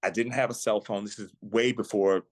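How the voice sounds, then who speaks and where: A man on a podcast, earnestly telling a personal story of faith in a reflective way, slowing down at the emotional moments. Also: fairly low pitch, steady tone, no echo. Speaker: guest, actor and singer.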